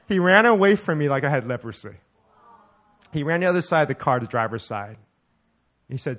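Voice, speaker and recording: A middle-aged male pastor delivers a sermon as a lively story. He laughs often and acts out each line of dialogue with animation. His voice sits a little high for a man. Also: a little fast, long pauses, a little hiss or hum.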